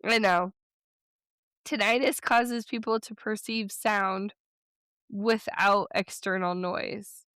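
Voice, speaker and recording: A woman co-hosting a podcast in casual chat, telling stories in a chatty, rambling way with quick bursts. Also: medium pitch, steady tone, a bit bright, clear, resonant tone, no echo, clean studio sound. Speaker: podcast co-host.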